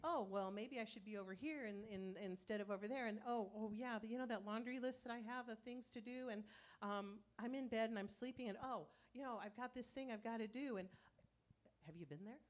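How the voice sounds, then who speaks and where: Animated woman minister telling stories. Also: fairly high pitch, a little fast. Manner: animated storytelling, acting out inner voices. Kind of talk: conversational sermon. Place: church sanctuary.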